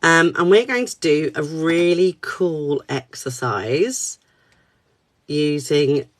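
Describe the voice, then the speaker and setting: A woman who works as a spiritual counsellor, chatting and telling stories on a phone livestream in an animated, casual way and swearing freely. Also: deep voice, slow, rough recording. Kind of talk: casual livestream chat and storytelling. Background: soft background music.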